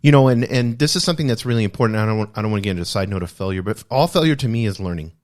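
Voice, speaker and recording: A man's voice: lowish voice, animated, racing, a little mellow. A man hosting a podcast, discussing a self-help book in an earnest, reflective way and repeating key phrases for emphasis. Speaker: podcast host.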